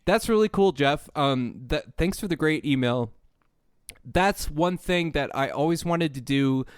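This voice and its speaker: A man's voice: fairly high pitch, animated, measured pace, clean tone, no room sound, studio quality. A man co-hosting a gaming podcast, talking in a casual, rambling way full of "like" fillers. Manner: rambling, heavy use of "like" fillers. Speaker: podcast co-host. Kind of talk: casual chat.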